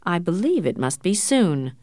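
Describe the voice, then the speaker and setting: A woman reading the part of a stern, cold older man, a wealthy doctor and father, speaking slowly and coldly. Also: fairly low pitch, big pitch swings, darkish tone, dry recording, clean studio sound. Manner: slow, cold and measured. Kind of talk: audiobook character reading.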